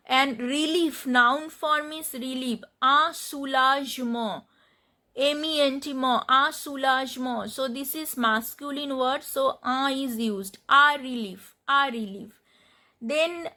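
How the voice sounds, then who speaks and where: A woman with an Indian English accent teaching a beginners' grammar lesson, repeating each word slowly so learners catch the pronunciation. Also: high voice, sharp tone. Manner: slow, repeats words to drill pronunciation. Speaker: French teacher.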